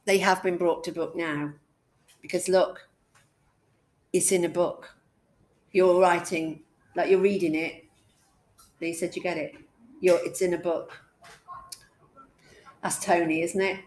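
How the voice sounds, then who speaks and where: Chatty jokey woman teaching a class. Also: on the low side. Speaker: English teacher. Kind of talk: classroom lesson.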